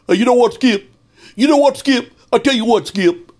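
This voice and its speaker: A man putting on a mocking, loud and excitable impression of a male sportscaster. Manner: fast, high, shouty caricature.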